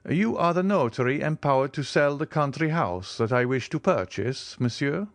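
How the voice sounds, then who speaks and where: A man voicing a wealthy, self-assured nobleman who speaks crisply and offhandedly. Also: medium pitch, expressive, moderate pace, no echo, voice pushed up, close to an everyday voice. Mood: cool, assured. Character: rich, cool, commanding nobleman, adult man.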